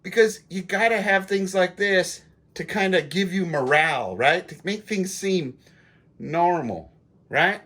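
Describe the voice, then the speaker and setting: A middle-aged man with a high-pitched voice chats folksily through a casual food review vlog, addressing his viewers directly as he tastes. His tone is bright and a little sharp. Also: expressive, unhurried, slightly rough. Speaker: prepper channel host.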